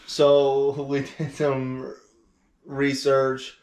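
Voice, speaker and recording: A man's voice: medium pitch, monotone, extremely slow, a little mellow, echoey room. A man co-hosting a casual chat, telling a travel story in a rambling way with lots of fillers and acted-out quotes. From Louisiana, USA. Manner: rambling, filler-heavy, acts out quoted phone calls. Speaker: podcast co-host.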